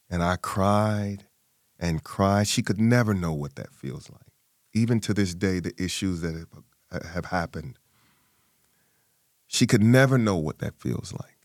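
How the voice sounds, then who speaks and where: A man's voice: low-pitched, dry recording, clean studio sound. A middle-aged man, an interview guest, telling a personal story and acting out the voices of his family.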